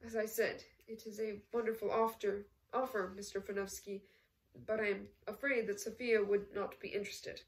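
A woman reading the lines of a dignified aristocratic count, polite and measured. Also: mid-range voice, little pitch movement, distant mic, natural voice, rough recording. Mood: restrained. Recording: voice set back from the mic.

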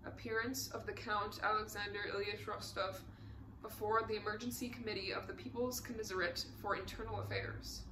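A woman narrating an audiobook in a measured, formal way. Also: mid-range voice, level tone, reverberant, background noise. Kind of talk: audiobook reading.

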